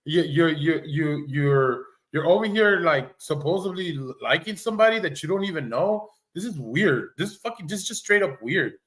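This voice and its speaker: A man's voice: fairly high pitch, lively intonation, moderate pace, few pauses, a bit bright. A man doing casual livestream commentary, blunt and rambling, swearing freely and restarting his sentences.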